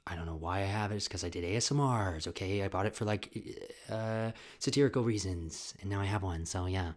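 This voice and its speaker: A young man with a deep voice talks briskly on his own solo podcast from home, picked up by a desk camera mic with a ring light. His casual monologue rambles along, full of profanity and jokes at his own expense.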